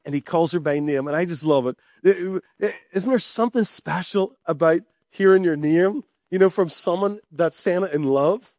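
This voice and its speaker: A man's voice: high-pitched, normal speed, few pauses, darkish tone, no room sound, clean studio sound. A man preaching a sermon in an emphatic, conversational way, repeating key phrases. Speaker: pastor.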